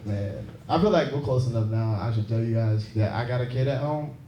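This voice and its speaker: A young man from Seattle does a stand-up set on a club stage, chatting with and teasing the crowd. His mid-range voice moves a little fast, and the dull audio carries slight hiss or hum, roomy club sound, and loud crowd laughter.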